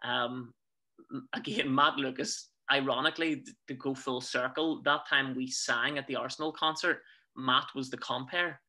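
A Northern Irish man, a musical theatre actor, telling animated stories in a casual interview and chuckling often. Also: medium pitch, normal speed. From Northern Ireland.

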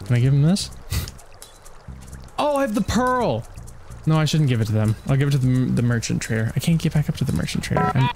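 A man's voice: mid-range voice, sing-song, fairly quick, pauses often, over music. A man giving casual, chatty commentary while playing a video game, talking to himself and to the creatures on screen. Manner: chatty self-talk, talks to game creatures, frequent laughs. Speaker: let's play gamer.

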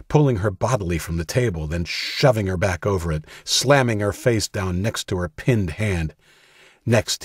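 Husky low-voiced male audiobook narrator. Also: no room sound, studio quality.

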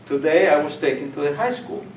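A man's voice: fairly high pitch, fairly quick. Older man lecturing in echoey room. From Colombia. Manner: animated storyteller, acts out voices and laughs. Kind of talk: public lecture with storytelling. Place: lecture hall. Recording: echoey room, distant mic, faint noise.

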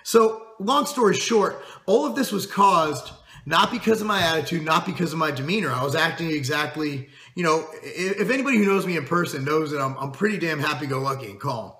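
Middle-aged man, fitness host, bright forceful voice, blunt and profane, echoey room. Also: fairly high pitch, animated, brisk. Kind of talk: casual monologue to camera.

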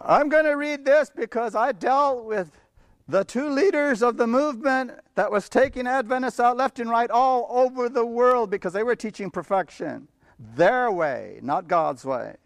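A man's voice: extremely high pitch, moderate pace, no echo, studio quality. A man preaching a sermon, emphatic and blunt, often chuckling between his points as he reads and explains scripture. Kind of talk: sermon with Bible reading.

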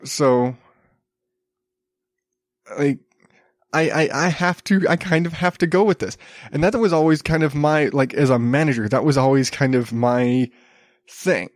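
A man's voice: fairly high pitch, unhurried, pauses often, no echo. Rambling man hosting a solo podcast. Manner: rambling, self-interrupting with restarts. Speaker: podcast host. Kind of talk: casual solo commentary.

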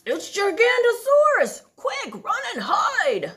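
A woman's voice: sing-song, slow, exaggerated voice. A woman reading a storybook aloud, voicing a boastful little boy dinosaur who cries false alarms and teases his friends. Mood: alarmed. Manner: loud high cries, teasing.

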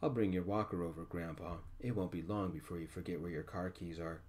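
A calm mother with a dry wit, soothing her husband, as a man voices her in a whispered role-play. Low and gentle throughout. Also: fairly quick, lightly acted. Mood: wry. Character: calm dry-humored middle-aged mother.

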